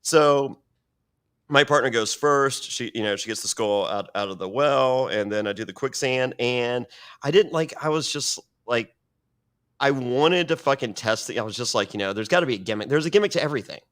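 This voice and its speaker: As a podcast guest, a man tells casual stories in a mid-range voice at a moderate pace. He swears often and rambles animatedly, frequently restarting his sentences.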